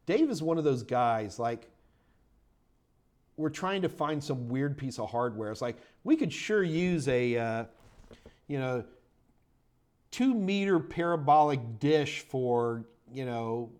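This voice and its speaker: A man's voice: mid-range voice, darkish tone. A middle-aged man hosting a live Q&A stream, rambling and chatty with lots of fillers and sudden bursts of enthusiasm. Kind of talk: casual live-stream Q&A chat.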